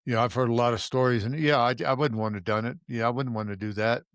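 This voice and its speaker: Older man as podcast host, easygoing filler-heavy talk, mid pitch, dry close sound. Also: fairly even intonation, fast, a bit bright, clear, resonant tone, no room sound. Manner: conversational, agreeable, frequent fillers. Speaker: podcast host, navy veteran. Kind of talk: casual interview chat.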